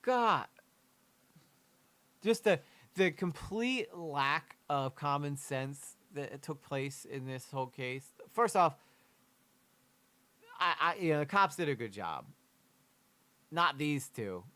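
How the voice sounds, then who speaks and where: A man's voice: on the high side, expressive, takes it slowly, pauses often, pushed and bright, smooth. A young man, a streamer, reacting to a true crime video and talking candidly and emotionally about his daughter, swearing casually. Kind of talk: livestream reaction commentary.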